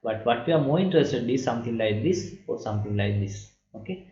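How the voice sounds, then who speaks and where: A man's voice: medium pitch, lively intonation, mellow. Sri man lecturing, often asking "right?". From Sri Lanka. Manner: explains slowly, often asks "right?". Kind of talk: recorded math lecture. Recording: lo-fi echoey room.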